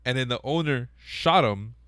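A man's voice: mid-range voice, moderate pace, dry recording, clean studio sound. A man chatting casually, swearing often and laughing as he tells stories with energy. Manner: profane, laughing, excitable storytelling. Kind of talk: casual chat.

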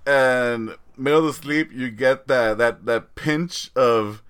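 A young man hosting a podcast, telling a story in a rambling, laughing, animated way. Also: mid-range voice, slow pace, smooth. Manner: rambling, laughs often, tells stories animatedly. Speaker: podcast host. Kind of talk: casual chat.

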